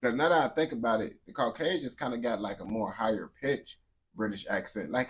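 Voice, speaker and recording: A man's voice: mid-range voice, a little fast. A young man talking loosely to his chat while reacting to a video, rambling and calling everyone bro. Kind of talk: casual live reaction chat.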